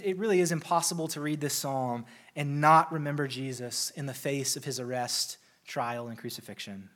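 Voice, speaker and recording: A man preaching a sermon in an earnest way, slowing down and building intensity through lists. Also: fairly high pitch, a bit bright. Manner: earnest, slows and stresses key phrases. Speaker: pastor.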